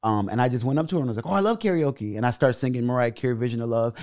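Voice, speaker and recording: A young adult man, a comedian guest, telling a story in a casual, animated way, his voice jumping loud and high when he acts out scenes. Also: very fast.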